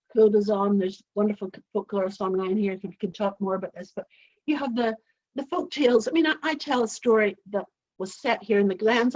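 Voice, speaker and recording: A woman's voice: mid-range voice, darkish tone, dull audio. An older woman from Northern Ireland with a Northern Irish accent, talking forthrightly as a storyteller being interviewed. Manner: emphatic, forthright. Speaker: storyteller guest. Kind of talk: conversational interview.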